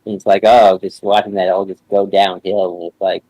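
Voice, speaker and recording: A man chatting as a podcast guest, relaxed fan talk with many "you know"s. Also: sits low, a little fast, low-quality recording. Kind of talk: casual chat.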